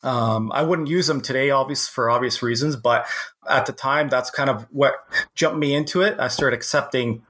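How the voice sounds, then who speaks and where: A man's voice: medium pitch, normal speed, pushed and bright. A man from Canada, a company founder, speaking as a podcast guest in an easygoing way with some restarts. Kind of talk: casual podcast interview.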